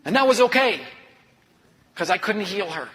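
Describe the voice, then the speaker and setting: A man, an author and speaker, telling a personal story in an earnest, confessional way that moves from hushed to intense. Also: high-pitched, very animated, normal speed. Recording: long reverb of a large hall.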